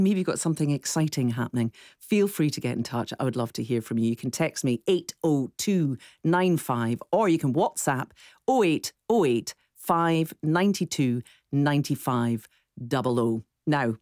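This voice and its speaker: A woman presenting a radio show in a low, very animated voice. She chats and laughs easily. The studio sound is close and dry. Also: normal speed, dry recording. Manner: chatty, laughs easily, warm phone-in banter. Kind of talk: lively radio chat.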